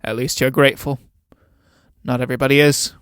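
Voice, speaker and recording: A man reading a play aloud, playing an older, domineering military captain who speaks in a measured, condescending, commanding way. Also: mid-range voice, steady tone, fairly bright tone, smooth, no echo, clean studio sound, close to an everyday voice.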